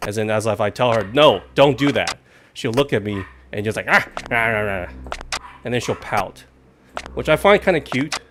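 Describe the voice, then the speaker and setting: A man's voice: lowish voice, expressive, normal speed, noisy background. Rambling chatty male game streamer. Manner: rambling, chatty, jumpy outbursts when startled. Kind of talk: casual live gaming commentary.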